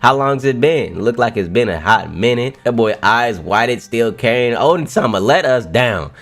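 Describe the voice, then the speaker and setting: A man reacting live to a new manga chapter, excitable and profane, often laughing and exclaiming loudly. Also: medium pitch, normal speed, faint music behind.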